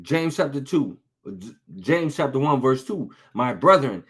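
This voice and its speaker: Slow, lively-voiced man preaching. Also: mid-range voice, slightly rough. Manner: conversational, repeats phrases for emphasis, asks rhetorical questions. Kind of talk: informal sermon.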